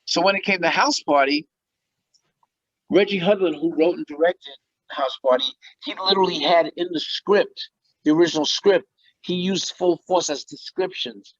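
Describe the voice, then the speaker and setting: Middle-aged man, guest storyteller, animated and laughing, slightly high voice, dry close sound. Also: moderate pace, dry recording, dull audio. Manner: animated, laughs often, acts out quotes. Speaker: interview guest, musician and actor. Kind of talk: casual storytelling interview.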